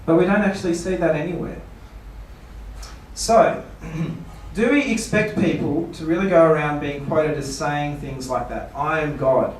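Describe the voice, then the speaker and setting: A man's voice: a little high, a little slow, a little hiss or hum. A man, a pastor giving a seminar talk, asking rhetorical questions and playfully mock-quoting people. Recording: echoey room, voice from far off.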